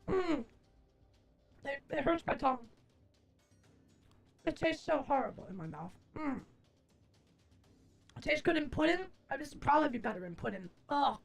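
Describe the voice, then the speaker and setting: A woman's voice: high voice, creaky. A young adult woman streamer chatting casually on a live stream, rambling, exasperated and profane as she answers her chat.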